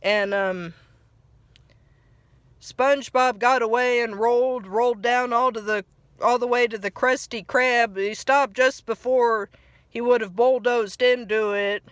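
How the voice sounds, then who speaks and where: A woman's voice: fairly high pitch, steady tone, measured pace, no room sound. A woman casually reviewing a cartoon episode on a phone mic, rambling with restarts and chuckling at her own asides.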